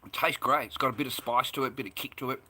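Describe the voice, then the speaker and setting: A man's voice: mid-range voice, fairly even intonation, fast talker, sharp tone, slight background noise. A rambling, chatty man with an Australian accent, talking casually to his viewers and laughing easily. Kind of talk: casual chat to camera.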